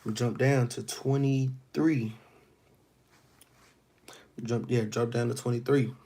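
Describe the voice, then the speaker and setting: A man's voice: mid-range voice, steady tone, slow, pauses often, mellow. A man teaching a Bible class. He reads verses aloud, then retells them in casual street slang.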